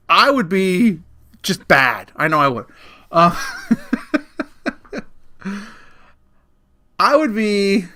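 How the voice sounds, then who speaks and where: High-voiced man ranting profanely on a podcast. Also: bright, forceful tone. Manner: profane, blunt, laughs at his own jokes. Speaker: podcast host. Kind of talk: solo comedic rant podcast.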